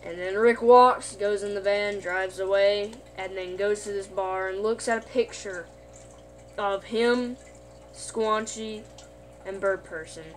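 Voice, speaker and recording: A woman's voice: mid-range voice, fairly even intonation, slow pace, a little hiss or hum. A woman casually recapping an episode in a rambling way, with lots of fillers and restarts.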